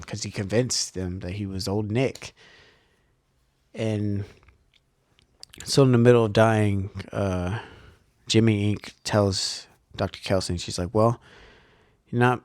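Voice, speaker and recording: A man's voice: fairly low pitch, dry recording, studio quality. A man casually recapping and reviewing a horror movie, rambling with many fillers and repeated words, swearing freely.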